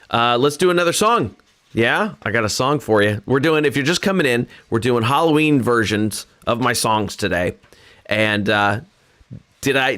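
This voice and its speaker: A man's voice: medium pitch, a bit bright. A Californian man hosting a casual livestream from home, talking in an earnest, rambling way with many restarts. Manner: rambling, earnest, self-deprecating, with frequent restarts. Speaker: livestream host and musician. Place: home, playing guitar. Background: faint guitar.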